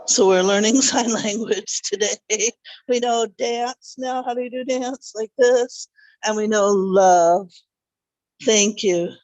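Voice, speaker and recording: A woman gently speaking to a congregation during a service, laughing softly as she talks. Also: on the high side, slow pace, low-quality recording.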